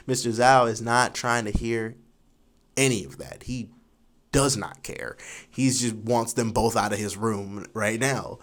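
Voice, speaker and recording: A young man in his twenties telling a school story casually, animated and full of fillers like "you know". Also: mid-range voice, measured pace. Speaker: vlogger.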